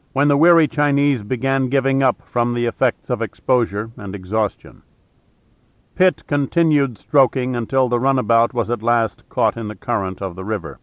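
A man reading an adventure novel aloud as scripted narration, in a steady, even storytelling manner. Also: mid-range voice, dry recording. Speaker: audiobook narrator. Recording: dry, tinny phone-like sound.

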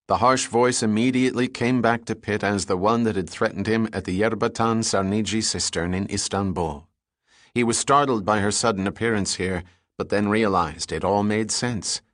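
A man narrates an action thriller in a steady, even storytelling delivery. His voice sits low. The sound is dry and close, with no room echo. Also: moderate pace. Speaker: audiobook narrator. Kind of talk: scripted narration.

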